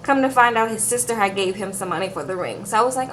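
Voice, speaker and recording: A woman's voice: mid-range voice, fast, a bit bright, a little hiss or hum. A woman giving a chatty, sassy recap of a reality TV show to her viewers in a casual vlog, calling them girl and y'all. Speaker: reality TV reviewer.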